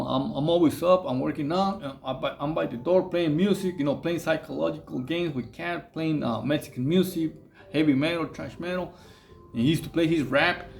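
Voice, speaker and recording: A man's voice: fairly high pitch, creaky, slight background noise. A man telling a long story in a casual, rambling way, full of slang and fillers. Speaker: vlogger telling prison stories.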